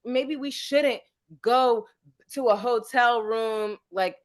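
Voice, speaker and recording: A woman co-hosting a podcast in casual chat, animated and quick to mimic others in high voices, laughing often. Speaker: podcast co-host.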